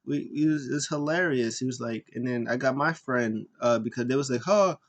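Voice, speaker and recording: A man's voice: steady tone, fairly quick, highs cut off. Young male podcast host, casual, jokey, rambling wrestling recap. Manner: rambling, jokey, mimics wrestlers in high squeaky voices.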